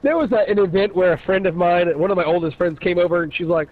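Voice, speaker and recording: A man's voice: sits high, fast, no echo. A man telling a rowdy, profane story in casual chat, laughing often as he goes. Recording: tinny phone-like audio.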